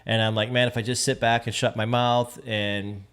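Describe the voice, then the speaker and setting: A man's voice: medium pitch, flat delivery, normal speed, a bit bright, clean tone. A man with a Michigan accent, a podcast guest telling a personal story in casual conversation, earnest and prone to repeating his words.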